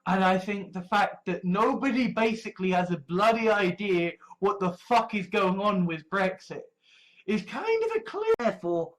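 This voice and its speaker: A man's voice: high voice, big pitch swings, moderate pace, fairly bright tone, low-quality recording. A young man, rambling through monologue clips with heavy swearing and many restarts. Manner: profane, rambling, with frequent restarts. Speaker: amateur sermon vlogger.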